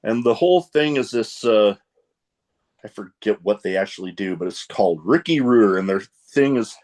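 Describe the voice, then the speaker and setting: A man's voice: fairly low pitch, lively intonation, moderate pace, a little mellow. A man hosting a podcast, asking questions in a loose, joking way and drifting into tangents. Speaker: podcast host. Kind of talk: casual interview chat.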